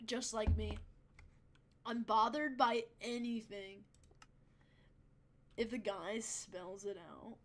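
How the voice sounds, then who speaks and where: A woman's voice: a little high, steady tone, slow pace, pauses often, slight background noise. A young woman chatting casually on a game livestream, rambling, swearing freely and laughing often. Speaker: game streamer. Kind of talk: casual livestream chat over gameplay.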